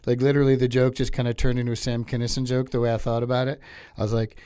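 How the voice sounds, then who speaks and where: A man's voice: medium pitch, flat delivery, rapid-fire, dark tone, clean tone, no echo. A man hosting a podcast in a studio, chatting casually in a rambling, filler-heavy way. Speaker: podcast host and comedian. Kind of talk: casual chat.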